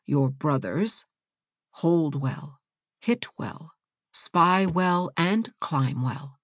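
A woman voicing a feeble, kindly old woman in a fairy-tale reading, speaking slowly in a weak, soft voice that drops at times to a half-whisper. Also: low-pitched, lively intonation, dry recording, clean studio sound, exaggerated voice. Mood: gentle, frail.

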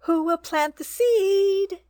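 A woman voicing a small, hardworking little red hen who calls out her questions in a high, hopeful voice. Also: slow, a little mellow, dry recording, studio quality. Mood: calling out.

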